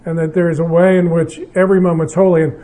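An older male pastor speaking to a gathered audience at an evening marriage seminar. His voice sits a little higher than most men's but has a mellow, warm tone. He talks conversationally, joking at his own expense and often restarting his sentences. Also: flat delivery, fast talker. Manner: conversational, self-deprecating, with frequent restarts.

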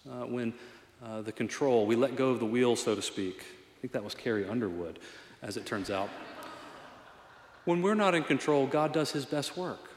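A man's voice: medium pitch, animated, moderate pace. A man preaching a sermon as a pastor, conversational and earnest, with a self-deprecating touch. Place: church sanctuary. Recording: echoey hall reverb.

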